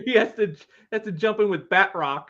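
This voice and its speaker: A man's voice: high voice, moderate pace, fairly bright tone, highs cut off. A man chatting casually on a livestream who laughs often and stumbles over his words, repeating them as he talks.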